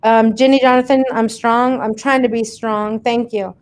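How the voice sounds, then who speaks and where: Woman, fairly high voice, chatty livestream host, reads viewer comments, laughs often. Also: fairly even intonation, moderate pace. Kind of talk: casual live chat.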